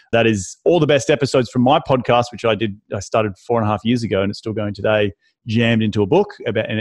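A man's voice: fairly low pitch, dry recording. An Australian man in his thirties, telling his story as a podcast guest in a casual, chatty way with frequent restarts.

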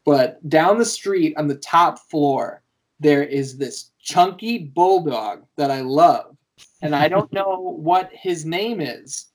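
Speaking slowly in a mid-range voice, a podcast host tells stories in a relaxed chat. There's lots of laughter along the way, and the swearing comes easily and casually.

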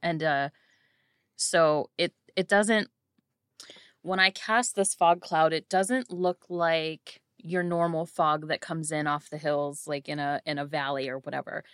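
A woman playing a tabletop game, describing her actions with halting phrasing and fillers. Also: deep voice, fairly even intonation, fairly bright tone, smooth, no room sound, clean studio sound. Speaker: player. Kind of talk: casual in-character play.

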